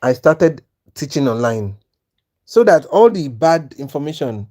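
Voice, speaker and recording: Animated man streaming live trades. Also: a little high, measured pace. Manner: animated, repeats "you understand?" often, stammers on restarts. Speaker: trading mentor and live-stream host. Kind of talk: live trading commentary.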